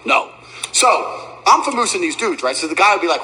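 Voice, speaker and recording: A man's voice: sits high, sing-song, fairly quick, pushed and bright, husky, low-quality recording. A man telling a profane, boastful story as a podcast guest. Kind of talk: casual podcast chat.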